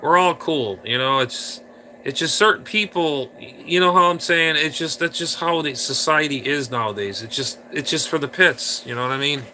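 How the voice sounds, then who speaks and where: A man's voice: a little high, normal speed, bright, forceful tone, a little hiss or hum. A man hosting a casual livestream, rambling and ranting crudely at viewers in chat. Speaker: livestream host.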